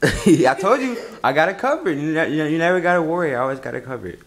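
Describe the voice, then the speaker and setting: Young man, low-key and chuckling. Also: animated, quick pace. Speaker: son. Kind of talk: casual family chat. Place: family home indoors.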